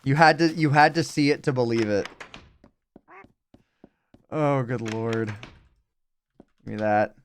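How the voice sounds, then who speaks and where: A man's voice: mid-range voice, fast talker, hardly any pauses, slight background noise. A young adult man streaming a game live, thinking aloud in a rambling way with self-mocking asides.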